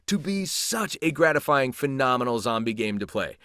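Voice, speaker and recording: A man who is a voice actor, chatting as an interview guest and telling animated stories with many restarts. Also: medium pitch, moderate pace, smooth, dry recording, clean studio sound. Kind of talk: casual interview chat.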